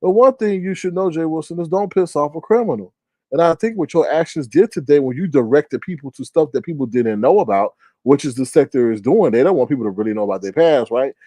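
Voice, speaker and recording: A man streaming his commentary, his voice sitting a little high and recorded close and dry with no room sound. He talks in an animated, slangy way and keeps mimicking other people in high, squeaky voices. It comes across as loose, unscripted streamer talk. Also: fast talker, no echo. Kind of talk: casual livestream commentary.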